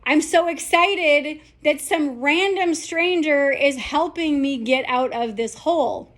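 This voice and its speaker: A woman voicing a giddy excited donkey. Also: sits high, slow pace. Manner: gasping, exclaiming, giddy. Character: excitable donkey stuck in a well.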